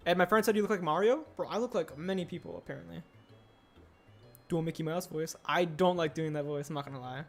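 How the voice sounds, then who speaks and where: A man's voice: on the high side, quick pace. A young man streaming casually, rambling and answering chat aloud as he builds. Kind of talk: casual livestream chat while building a set. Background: faint music.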